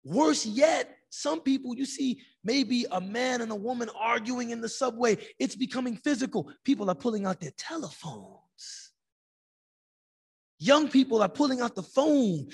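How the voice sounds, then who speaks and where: A man teaching a religious class, telling a story in a lively way and acting out the people in it. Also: extremely high pitch, moderate pace, husky. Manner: animated storytelling, acting out quoted voices.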